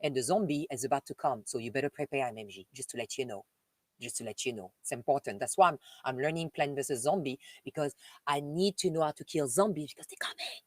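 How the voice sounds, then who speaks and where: A woman's voice: rumbling low, fast talker, dry recording. A woman with a French accent, hosting a casual live stream and chatting affectionately with her viewers. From Paris. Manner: chatty and affectionate, often laughing and calling listeners "dear".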